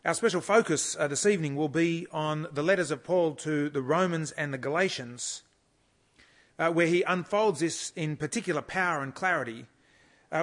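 Slightly high-voiced man preaching an expository sermon. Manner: measured and emphatic, reads scripture slowly and pauses to explain. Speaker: conference speaker teaching the Bible.

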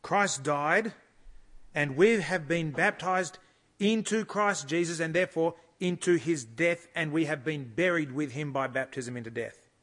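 Slightly high-voiced man preaching an expository sermon. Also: fairly bright tone. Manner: measured and emphatic, reads scripture slowly and pauses to explain. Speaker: conference speaker teaching the Bible.

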